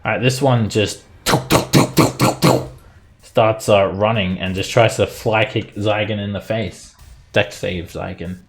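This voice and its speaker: A man narrates a tabletop game as its game master, with a gravelly, lower-pitched voice and a bright, tense edge. He laughs often and pads his lines with "uh" and "like." Soft music plays behind him. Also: fairly even intonation, a little slow. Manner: laughs often while narrating, many fillers.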